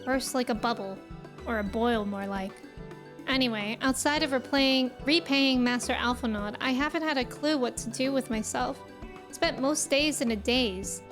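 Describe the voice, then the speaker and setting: A woman reading the lines of a plain-spoken young commoner in a fantasy game, eager to help, in a casual, earnest way. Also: high-pitched.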